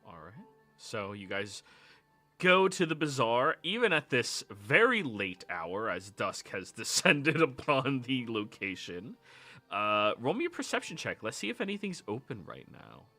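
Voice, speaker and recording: A man narrating as game master of a tabletop game, setting scenes slowly and carefully. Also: medium pitch, very animated, sharp tone, faint music behind. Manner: slow, measured scene-setting. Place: home streaming setup.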